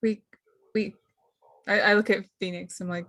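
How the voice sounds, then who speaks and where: A woman's voice: medium pitch, steady tone, moderate pace, fairly bright tone, no echo. A woman playing a tabletop game in character, giggly and hesitant. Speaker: player.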